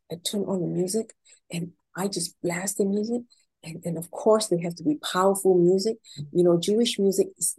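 A woman's voice: mid-range voice, creaky, slightly rough, low-quality recording. A woman speaking as a guest, giving inspirational advice and telling stories with acted-out dialogue. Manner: animated, acts out dialogue in a story. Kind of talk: inspirational talk with storytelling.

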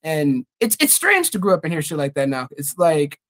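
A young man talks openly on a casual podcast, earnest and heartfelt, with plenty of swearing. His voice sits fairly high for a man. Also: wildly swooping pitch, moderate pace, a bit bright. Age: young adult. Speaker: podcast host.

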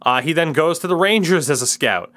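A man's voice: a little high, lively intonation, fairly quick, fairly bright tone. A man in his twenties, co-hosting a casual sports chat and giving opinionated takes. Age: 20s. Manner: opinionated, ranting, swearing. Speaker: podcast co-host.

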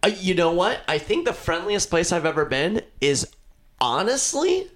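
A man's voice: sits high, wildly swooping pitch, moderate pace, a bit bright, a little hiss or hum. A young man co-hosting a podcast in casual chat, telling a rambling story full of restarts. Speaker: podcast co-host.

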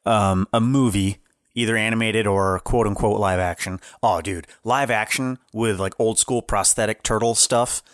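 A young man co-hosting a podcast, talking loosely and excitably, often laughing. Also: lowish voice, moderate pace, dry recording, clean studio sound. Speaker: podcast co-host. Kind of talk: casual chat.

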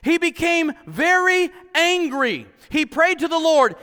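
Preaching animatedly, a male pastor peppers his congregation with rhetorical questions, his high, bright voice echoing at length through the church hall. His pace is a little slow, yet he hardly pauses.

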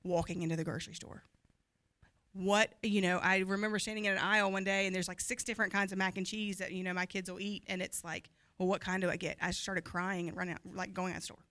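A woman in her thirties giving a candid, earnest personal testimony to a church group, talking fast at times and laughing easily. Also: mid-range voice, little pitch movement, pushed and bright. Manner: open and earnest, quick when anxious, laughs easily. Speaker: pastor's wife sharing her story.

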